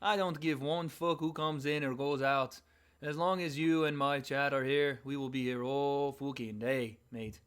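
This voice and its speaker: A man putting on a loud, cocky Irish-accented fighter impression, trash-talking during a livestream. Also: mid-range voice, fairly even intonation, a little slow, smooth, close to an everyday voice. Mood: defiant. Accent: Irish, put on. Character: brash, swaggering male Irish fighter impression.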